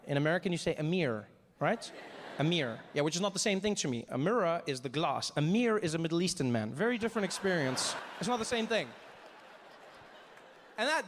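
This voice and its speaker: A young man telling a stand-up story, acting out conversations in lively shifting voices. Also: fairly high pitch, big-room sound. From South Africa. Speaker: stand-up comedian.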